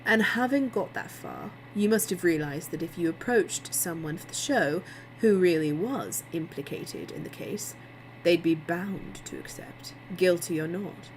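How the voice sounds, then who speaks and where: A woman's voice: on the low side, a little slow, a little hiss or hum, low-quality recording. A woman voicing a dry, cutting man in a storybook reading. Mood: cold.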